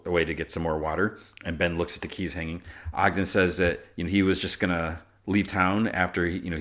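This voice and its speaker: Man, very low voice, podcast host, casual recap, quotes dialogue, chatty fillers. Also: a bit bright. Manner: retells scenes, quoting lines in his own voice, with fillers and laughs.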